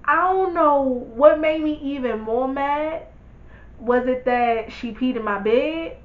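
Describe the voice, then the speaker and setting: A woman's voice: high-pitched, slow pace, reverberant, phone-quality sound. A young woman vlogger telling a casual storytime, candid and blunt, swearing freely and talking to her viewers.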